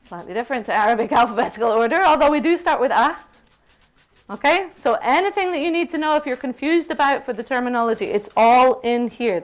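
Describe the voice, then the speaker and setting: Woman lecturer, slightly high voice, lively and playful with her class. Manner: lively, playful, checks in with "okay?" often. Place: university classroom.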